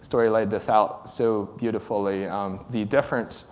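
A man giving a sermon, pausing with small fillers and reading a story aloud with feeling. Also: fairly low pitch, steady tone. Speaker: speaker giving a talk. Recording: long reverb of a large hall.

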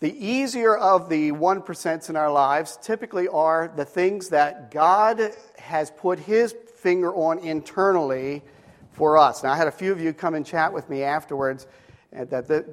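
Preaching to a live audience at a Bible school, a middle-aged pastor with a fairly high voice speaks at a moderate pace under a long reverb tail. His storytelling is casual and rambling, full of restarts.

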